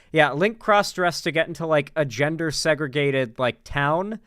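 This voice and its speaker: A man's voice: on the high side, moderate pace, few pauses, fairly bright tone, smooth, dry recording. A man hosting casual political commentary, sarcastic and rambling with lots of filler words. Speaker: host. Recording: dry close-miked room.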